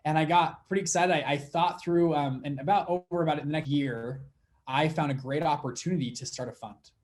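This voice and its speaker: A man's voice: fairly high pitch, steady tone, fairly quick. A young man, a fund manager guest, telling a story in a casual interview and acting out the dialogue as he goes.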